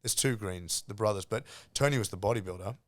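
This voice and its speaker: A lower-voiced middle-aged man from South Africa, a martial arts coach and podcast guest. He tells stories animatedly, swears freely and acts out what people said. The voice sounds dry and close, with no room around it. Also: fast talker, no echo. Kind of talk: casual storytelling chat.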